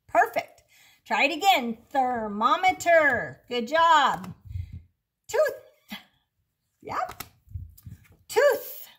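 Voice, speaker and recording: Woman speech therapist for a kids' lesson; lively sing-song delivery, echoey room. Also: very high voice. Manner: sing-song, drawn-out target words for children. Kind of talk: child-directed speech lesson. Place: at home with her dog nearby.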